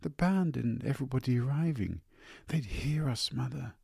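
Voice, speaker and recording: Man doing an earnest young woman, pitched well up from his husky voice, pleading. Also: moderate pace, a little mellow, no room sound, studio quality.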